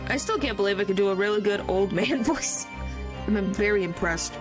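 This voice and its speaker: A woman's voice: medium pitch, brisk. Giggly woman streaming a game. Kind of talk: casual gameplay commentary. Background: game music.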